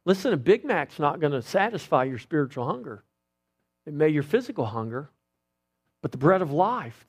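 A man's voice: high-pitched, darkish tone, breathy edge. A middle-aged man preaching a sermon as pastor, talking conversationally and asking the congregation rhetorical questions.

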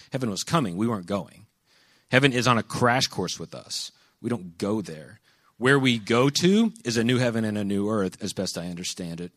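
A preacher with a voice on the low side gives a casual, conversational sermon at a venue with a live audience. He tells stories animatedly and acts out quoted lines, captured in clean studio sound with no room sound.

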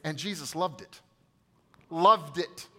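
Male pastor, high bright voice, preaching with big loud-to-hushed swings. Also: takes it slowly. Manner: swings from loud emphatic peaks to quiet hushed asides; addresses the congregation directly, coaxing responses. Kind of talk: sermon.

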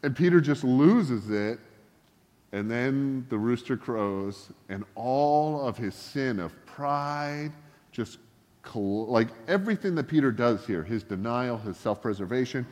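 A man preaching a sermon, telling stories with lively voiced quotes. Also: mid-range voice, measured pace, long reverb tail. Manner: animated storytelling with voiced quotes. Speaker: pastor.

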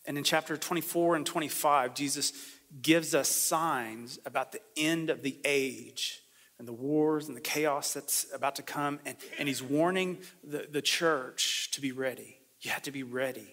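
A man preaching a sermon as a pastor, talking in a conversational, animated way and acting out the voices he quotes. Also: mid-range voice, moderate pace. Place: church sanctuary. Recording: long hall reverb.

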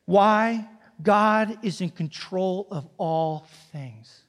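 A male pastor preaching a sermon, telling lively stories, acting out quoted voices and dropping to a hushed near-whisper. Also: high voice, extremely slow, long reverb tail.

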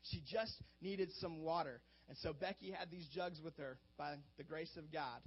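A man preaching a sermon as a pastor, animated and swinging between hushed and loud delivery, on a dull lo-fi recording. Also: a little high, moderate pace, slightly rough.

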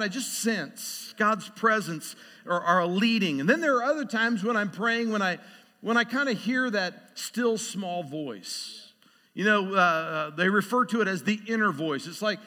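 A man's voice: high-pitched, bright, forceful tone, long reverb tail. A man preaching a sermon, talking through prayer and scripture and building to emphatic call-and-response.

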